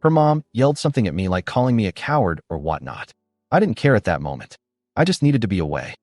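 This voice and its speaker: A man giving scripted first-person narration of a story in a steady, animated storytelling delivery. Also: on the low side, quick pace, no echo, studio quality. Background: faint background music.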